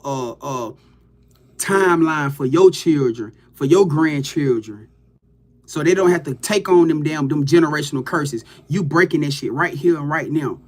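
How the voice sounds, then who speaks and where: A man giving a loose, profane, hyped-up motivational pep talk to his viewers as a livestream host. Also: on the high side.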